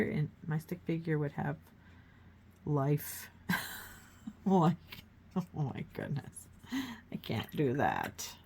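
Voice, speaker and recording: A woman's voice: sits low, lively intonation, slow, long pauses, a little mellow, husky. Chatty encouraging woman painting aloud. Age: adult, grown child of a mother who paints. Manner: chatty, encouraging, thinking aloud while working. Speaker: art tutorial host. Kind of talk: casual painting demonstration.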